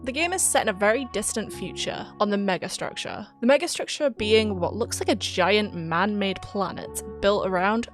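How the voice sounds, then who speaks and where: A woman's voice: medium pitch, normal speed, few pauses, faint music behind. A young British woman with a British accent narrating a video essay about a game in a chatty, giggly, self-deprecating way. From Britain. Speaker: YouTuber.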